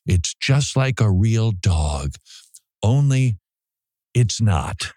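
A man's voice: on the low side, very animated, very slow, darkish tone, dry recording, studio quality. A man hosting a radio show, talking in a chatty, joking way and laughing often. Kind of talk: casual radio monologue. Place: radio studio. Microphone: studio microphone.

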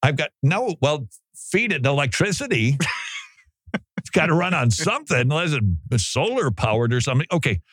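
Male radio host, lively pitch, chatty and joking, dry studio sound. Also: normal speed, slightly rough, no room sound. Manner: chatty and joking, laughs often. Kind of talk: casual radio monologue. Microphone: studio microphone.

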